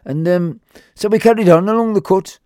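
A man's voice: high-pitched, normal speed, dark tone, no echo, studio quality. A man with a Black Country accent telling a rambling, humorous story in a chatty way, full of fillers. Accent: Black Country English. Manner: rambling, chatty, with lots of fillers and quoted voices.

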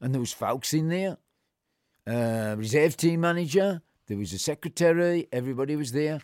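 A man's voice: lively intonation, normal speed, dry recording. Blunt older man telling his story, dry sound. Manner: blunt, plain-spoken, colloquial; acts out remembered exchanges with shifting pitch and loudness. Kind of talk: recounting a personal story.

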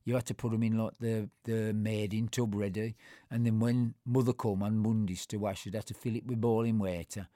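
A man's voice: on the low side, a little mellow, no echo. Older man, Black Country accent, rambling nostalgic storyteller, dry close sound. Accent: Black Country English. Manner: rambling, full of fillers and self-corrections; acts out other people's voices in anecdotes. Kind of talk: casual reminiscing.

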